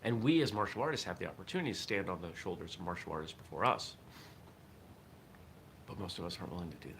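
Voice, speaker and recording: Hosting a martial arts morning show, a man with a low, deep voice talks his thoughts through at a quick pace during a casual livestream. His tone is bright and forceful, his manner reflective, thinking aloud with restarts. A faint hiss runs beneath the recording.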